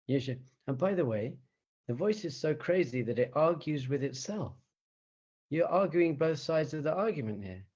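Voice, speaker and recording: A man, a rabbi, teaching meditation in a conversational, animated way, often chuckling and asking the listeners rhetorical questions. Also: on the high side, moderate pace, husky, dull audio.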